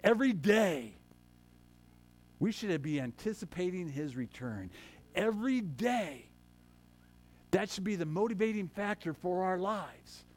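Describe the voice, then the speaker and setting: A man preaching a sermon as a pastor, swinging between loud proclamations and soft, chatty asides, with quick self-corrections. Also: high-pitched, lively intonation.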